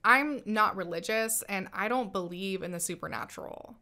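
A woman's voice: mid-range voice, moderate pace, bright, forceful tone. A woman hosting a commentary channel, narrating a scripted critique in a wry, skeptical manner.

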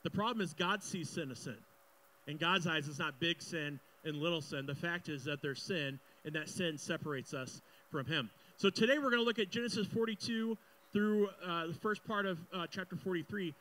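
Young man, pastor, sermon, scripture reading, casual joking asides, slightly high voice. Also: moderate pace, bright, forceful tone, rough recording.

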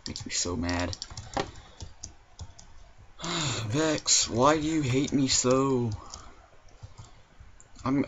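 A man's voice: medium pitch, a bit bright, slight background noise. A man doing let's play commentary in an exasperated, whiny, complaining way, heard through a dull lo-fi mic. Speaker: gaming commentator.

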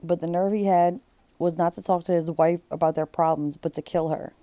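A woman reads aloud from a book a little fast, her lowish, mellow voice fairly even in intonation, and she cuts away for blunt, exclaiming comments. The recording is dry.

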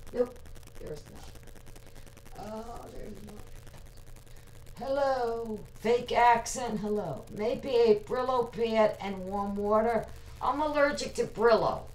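A woman's voice: mid-range voice, a bit bright. A woman livestreaming from her kitchen, chatting hesitantly with lots of ums while answering viewer comments. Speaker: vlogger. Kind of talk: casual livestream chat. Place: home kitchen. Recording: echoey kitchen, distant mic, faint hum.

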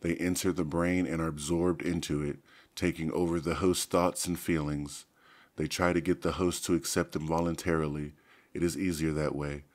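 A man voicing a dying, gentle alien warrior who speaks telepathically in slow, formal sentences, for an audiobook. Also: a bass voice, level tone. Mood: solemn. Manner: slow, solemn, formal speech.

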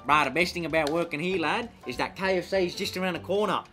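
A man's voice: on the high side, fast talker, over music, natural voice. A man playing a brash, crude young male eshay slacker at an office job, with a slangy Australian accent and a swaggering, mouthy delivery. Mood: cocky. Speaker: office worker. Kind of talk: comedy sketch acting.

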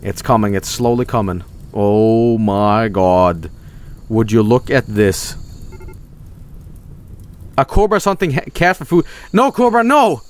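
A man streaming a game, talking casually and swinging between low mutters and loud exclamations. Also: animated, slow, long pauses. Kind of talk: livestream game commentary.

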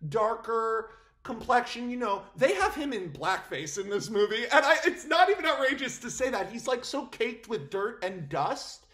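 A casual film-commentary vlogger talks straight to camera in a loose, unscripted rant. The voice is animated and disbelieving, jumping between hushed asides and loud incredulous outbursts, with frequent self-corrections. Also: medium pitch, normal speed. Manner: animated, incredulous, breaks into laughter, self-interrupting.

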